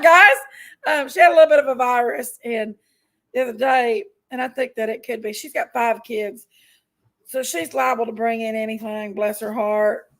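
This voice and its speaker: A woman chats loosely on her livestream, welcoming viewers by name in a folksy way. Her voice sits high and carries a gravelly edge. She sounds a little under the weather from a sick stomach. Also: poor audio. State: unwell with an upset stomach. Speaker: livestream host. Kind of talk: casual livestream chat greeting viewers.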